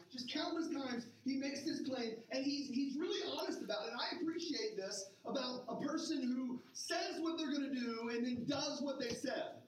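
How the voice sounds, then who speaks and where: A woman preaching a sermon in an animated way, repeating phrases and acting out the voices of crowds. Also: high-pitched, moderate pace, slight background noise. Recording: echoey hall, heard from a distance.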